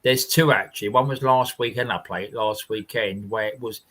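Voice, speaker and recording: A man's voice: lowish voice, fairly even intonation, normal speed, fairly bright tone. A man with a London accent hosting a casual livestream chat from home, rambling and repeating himself. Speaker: livestream host.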